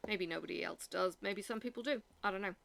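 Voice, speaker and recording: A woman's voice: mid-range voice, quick pace, gravelly, a bit bright. A woman vlogging at home in the evening, telling long rambling stories in a casual, chatty way with lots of fillers.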